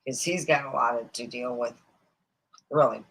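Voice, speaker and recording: A woman's voice: extremely low pitch, measured pace, rough recording. A woman from Nevada hosting a livestream, rambling casually, digressing, swearing freely and acting out quoted voices. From Nevada, USA. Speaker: livestream host.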